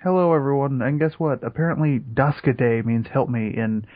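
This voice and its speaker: A man with a mid-pitched voice co-hosts a podcast in easy, laid-back chat, dropping casual swears. The sound is dull and lo-fi. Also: normal speed. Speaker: podcast co-host.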